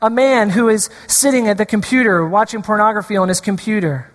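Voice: mid-range voice, steady tone, fairly quick, long reverb tail. A preacher delivering a sermon, repeating key lines for emphasis and drawing the congregation in.

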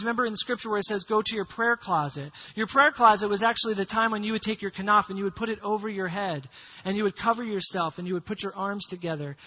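A man preaching a sermon, teaching with energy and getting the congregation to repeat words after him. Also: high voice. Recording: muffled lo-fi sermon recording.

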